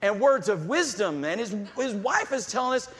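Preacher guy, high voice that swings all over, impassioned, echoey church hall. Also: big pitch swings, moderate pace, fairly bright tone. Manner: impassioned preaching, reads scripture aloud, acts out quoted voices. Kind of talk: sermon.

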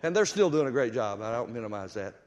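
An older man preaching a sermon, telling stories and swinging from hushed, low passages to loud, excited exclamations. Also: fast, muffled recording. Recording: long reverb of a large hall.

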